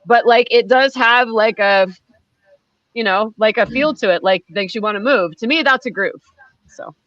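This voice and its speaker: A woman guest, a percussionist, talking in a chatty, lively way in a casual conversation. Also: on the high side, normal speed, no room sound. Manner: chatty and lively, many fillers. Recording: slightly dull lo-fi sound.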